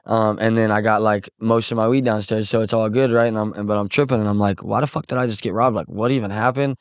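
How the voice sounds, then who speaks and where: Animated young man from Missouri, storytelling. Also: on the low side, quick pace, smooth, no echo, clean studio sound. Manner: animated storyteller acting out quotes, swearing freely. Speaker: guest musician. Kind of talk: casual storytelling interview.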